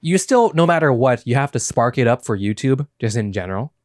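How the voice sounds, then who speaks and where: A man's voice: mid-range voice, brisk, no room sound. A young man co-hosting a casual podcast, talking animatedly and swearing freely into a studio microphone. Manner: animated, swears freely, does mock YouTuber voices. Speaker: podcast co-host. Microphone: studio microphone with headphones.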